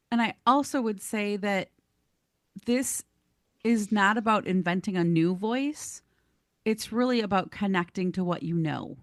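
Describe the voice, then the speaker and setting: A woman co-hosting a podcast, telling stories in an animated, casual way and laughing easily. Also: mid-range voice, no room sound, clean studio sound. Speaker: podcast co-host.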